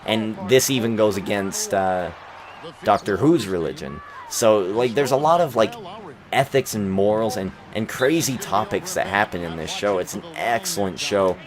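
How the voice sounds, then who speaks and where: A man's voice: lowish voice, animated, moderate pace. Rambling young man with crowd noise. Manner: rambling, chatty, many fillers and restarts. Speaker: gaming video host. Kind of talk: casual chat over gameplay. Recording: crowd noise from the game behind. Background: basketball game crowd.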